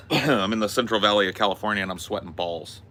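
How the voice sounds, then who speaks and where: A man's voice: fairly low pitch, brisk, bright, forceful tone, slight background noise. A young man live-streaming outdoors, chatting loosely with his chat in a rambling, offhand way. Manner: loose, rambling, sprinkled with laughs and filler. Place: outdoors in hot weather.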